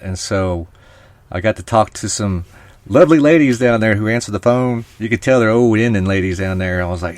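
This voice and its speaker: A podcast host from Oklahoma runs a live stream, chatting casually and rambling to his viewers. His voice is fairly low and a little fast, with no room sound.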